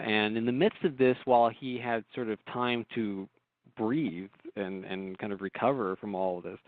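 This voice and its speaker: A man's voice: medium pitch, dry recording. Guest man, loose rambling storyteller, phone-line sound. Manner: rambling, restarts, laughs while telling stories. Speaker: guest author. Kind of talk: casual storytelling on a call-in show.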